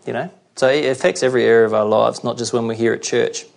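A man preaches a sermon in a chatty, middle-pitched voice. He slows down for scripture readings and keeps checking in with his listeners. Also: gravelly. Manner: conversational, checks in with "okay?"; reads scripture slowly.

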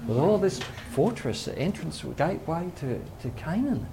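A man's voice: on the high side, big pitch swings, a little slow. A male pastor giving a conversational sermon, acting out quoted voices, with faint background noise.

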